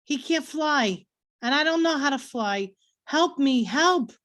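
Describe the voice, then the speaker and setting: A woman voicing a panicked teenage boy stranded in a plane, pleading in a high, frantic voice. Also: normal speed, no echo, studio quality, lightly acted.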